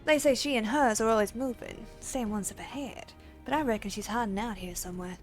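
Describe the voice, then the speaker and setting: A woman's voice: fairly high pitch, brisk, faint music behind, natural voice. A woman putting on a drawling Southern belle. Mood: folksy. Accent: American Southern, put on. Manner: drawling, folksy, reads game lines aloud. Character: drawling Southern-accented woman bandit broker.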